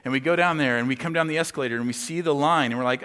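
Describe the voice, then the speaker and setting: A man's voice: a little high, very fast, hardly any pauses, bright, forceful tone. Man preaching in a reverberant hall. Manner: conversational storytelling, many fillers, acts out quotes. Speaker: pastor. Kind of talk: sermon with personal story.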